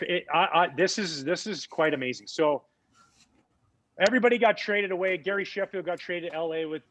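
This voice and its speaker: This medium-pitched man, a former ball player in his forties, is a podcast guest. He spins a story casually and with energy, leaning on plenty of filler words.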